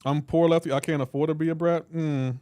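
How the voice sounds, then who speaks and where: A man's voice: on the high side, steady tone, fast talker, mellow, no echo. A man on a live reaction stream, teasing and bantering with his chat and laughing often. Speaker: livestreamer.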